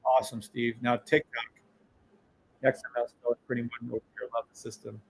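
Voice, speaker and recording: A middle-aged man streaming live trades, hyped up, yelling and swearing, repeating hype phrases over and over. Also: mid-range voice, level tone, fairly quick, creaky, a little hiss or hum, poor audio. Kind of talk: live-stream trading commentary.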